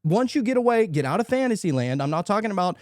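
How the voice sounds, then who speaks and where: Animated podcast host, lively pitch. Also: male voice, fast talker, dry recording, studio quality. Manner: excitable, searching for words, many restarts. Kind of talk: casual podcast conversation.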